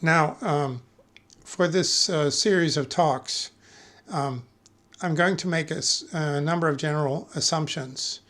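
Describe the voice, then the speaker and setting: A man giving a technical lecture as a conference speaker, measured and careful, pausing often with fillers and correcting himself mid-word. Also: a little high, fairly bright tone. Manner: measured, with frequent filler pauses and self-corrections.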